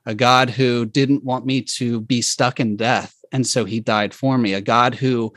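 A man telling a personal faith story in conversation, speaking haltingly and reflectively with many restarts. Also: medium pitch, steady tone, a bit bright, no room sound.

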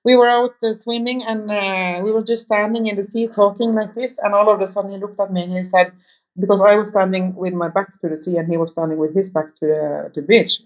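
A woman's voice: medium pitch, steady tone, fairly quick. A woman interview guest, telling long anecdotes in a loose conversational way, with many restarts. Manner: rambling, anecdotal, frequent restarts. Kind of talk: conversational storytelling.

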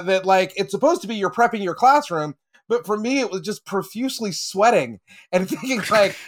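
A man in his forties, a teacher, telling a self-mocking story on a casual podcast. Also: high voice. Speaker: school teacher, podcast panelist.

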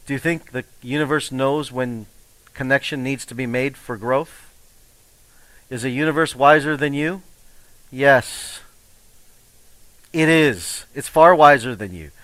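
A man's voice: medium pitch, unhurried, pauses often, clean tone, no room sound, poor audio. A middle-aged man in a motivational talk, telling a personal story and acting out the people in it. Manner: animated, acts out quoted voices. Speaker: coach.

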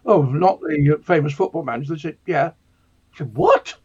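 A man's voice: a little high, fairly quick, darkish tone, lo-fi sound, slight background noise. An older man from northern England, a guest actor telling stories in a chatty, theatrical way. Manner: chatty storyteller, theatrical quoting voices. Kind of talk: casual anecdotal chat.

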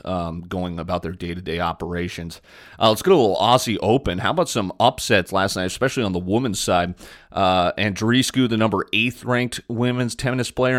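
Blunt low-voiced man hosting sports talk. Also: fairly bright tone. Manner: opinionated, blunt, frequent fillers. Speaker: podcast host. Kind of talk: casual sports talk monologue.

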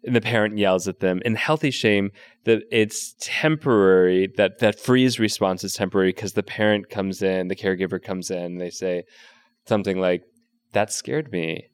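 A man with a fairly low voice hosts a relaxed interview, thinking out loud and ready with a joke. His voice is recorded dry and close, with no room sound. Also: normal speed, clean tone, no echo. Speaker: podcast host. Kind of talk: conversational interview.

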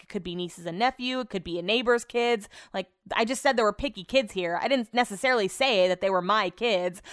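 A woman's voice: mid-range voice, no room sound, clean studio sound. A young adult woman hosting a podcast on her own, telling stories in a candid, chatty way with some swearing. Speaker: podcast host. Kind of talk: casual solo podcast chat.

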